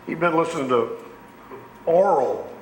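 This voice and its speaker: A man pastor delivering a sermon, his voice pitched a little high and carrying around an echoey church sanctuary. He tells homespun stories and rises in emphasis when he quotes scripture. A faint room hum sits behind him. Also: animated, measured pace. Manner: folksy storytelling with rising emphasis on scripture.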